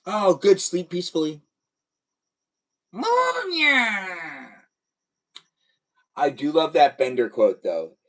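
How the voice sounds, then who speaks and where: A young man chats his way through a relaxed live stream, his voice sitting a little higher than most men's. He talks playfully and casually, reading out viewers' messages and answering them. He speaks into a desk microphone. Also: normal speed, few pauses, poor audio. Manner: chatty, playful, reads and answers chat.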